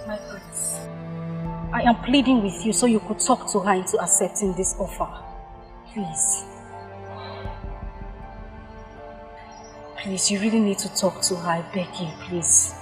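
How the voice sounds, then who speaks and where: A woman's voice: fairly high pitch, expressive, moderate pace, over music, natural voice. A woman playing a desperate young woman who urgently pleads with a prince in a Nollywood film. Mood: pleading.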